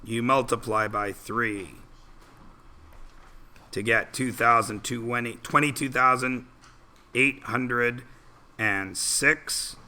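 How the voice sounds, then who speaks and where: Speaking slowly with frequent pauses, a male math teacher uses a mid-range, bright, forceful voice with fairly even intonation. He reviews algebra in class, walking students through each step and quizzing them as he goes.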